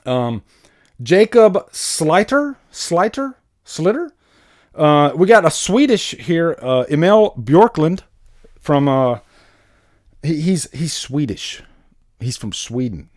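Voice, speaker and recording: Wired, excitable male stream host. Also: a little high, takes it slowly, dry recording, studio quality. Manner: wired, excitable, swears freely; talks straight to viewers, greets chat. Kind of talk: casual live stream chat.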